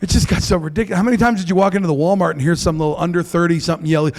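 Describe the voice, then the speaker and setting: Brash crude stand-up man, gravelly voice. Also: sits high, fairly even intonation, rapid-fire, few pauses, darkish tone. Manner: brash and crude, mock-outraged. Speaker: stand-up comedian. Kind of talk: stand-up comedy. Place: comedy club stage.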